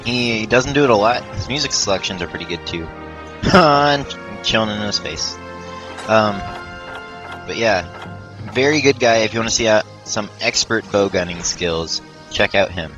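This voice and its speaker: In a lo-fi clip with game music underneath, a let's play commentator speaks at normal speed in a somewhat low male voice. His casual gameplay commentary rambles, pokes fun at himself, and is packed with fillers and restarts.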